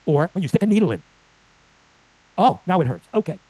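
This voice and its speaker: A man's voice: high-pitched, very animated, a little fast, dark tone, slightly rough, no echo, poor audio. An older man giving a live lecture to clinicians with slides, asking the audience questions and acting out patients' complaints. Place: lecture room.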